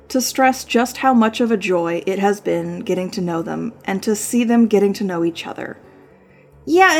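A woman's voice: mid-range voice, creaky. Chatty woman podcast host narrating. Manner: chatty and self-deprecating.

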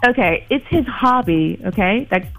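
A woman's voice: medium pitch, lively intonation, normal speed, faint music behind. A woman on a phone call to a radio show, blunt, giggly and talkative. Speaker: caller.

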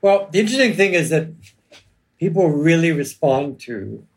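A man, an author and lawyer, speaking reflectively in an interview with many pauses and ums. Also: fairly high pitch, sing-song. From Canada. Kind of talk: conversational interview.

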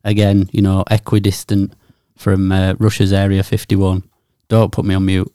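A low-pitched man, talking through half-serious theories in loose podcast banter. The sound is dry and close, with no room around it. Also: monotone, normal speed, dark tone, clear, resonant tone, no echo. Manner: rambling, jokey, mock-serious theorizing. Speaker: podcast co-host. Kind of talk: casual banter.

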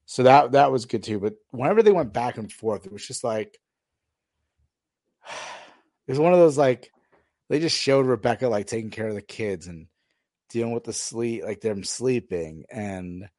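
A man's voice: mid-range voice, normal speed, long pauses, no room sound, studio quality. A man co-hosting a podcast, casually recapping a TV episode and acting out the scenes as he retells them. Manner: animated retelling, acts out scenes. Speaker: podcast co-host.

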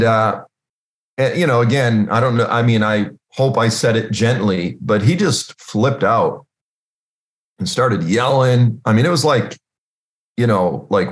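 A man giving a casual sermon built on personal stories, talking in a loose conversational way with many "you know"s and "like"s. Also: mid-range voice. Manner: acts out dialogue with animated voices. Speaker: Christian teacher.

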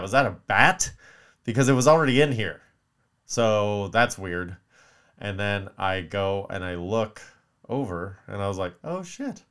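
A man's voice: low voice, fairly bright tone. A young man casually telling a rambling, profane story to his viewers, dropping into muttered whispered curses.

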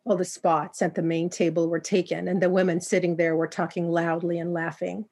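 Calm woman reading a story. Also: on the low side, fairly quick, husky. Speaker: narrator. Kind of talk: storybook narration.

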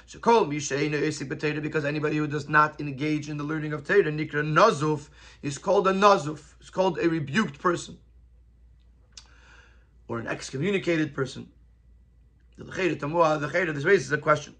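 Guy teaching torah class, high voice, quotes hebrew and yiddish then explains in english. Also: sharp tone.

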